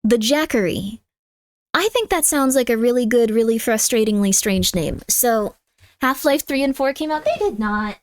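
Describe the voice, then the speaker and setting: High-voiced chatty woman streamer. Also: expressive, moderate pace, no room sound. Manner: chatty, coos baby talk at her cat; playful over-the-top mock threats. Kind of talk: casual live-stream chat.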